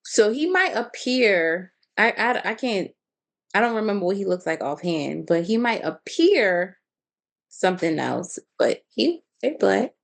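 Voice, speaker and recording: A woman co-hosting a podcast, chatting casually about a reality show and often pausing to search for words. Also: medium pitch, big pitch swings, gravelly. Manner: hesitant, searching for words, many ums. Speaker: podcast co-host. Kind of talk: casual reality-TV recap chat.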